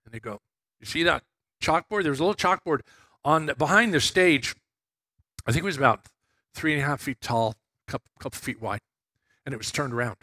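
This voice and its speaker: A man's voice: a little high, fairly quick, long pauses, dry recording. A man preaching a sermon, moving between scripture teaching and a personal story, acting out the voices of the people in it. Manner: lively, acts out quoted voices in his stories. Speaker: pastor.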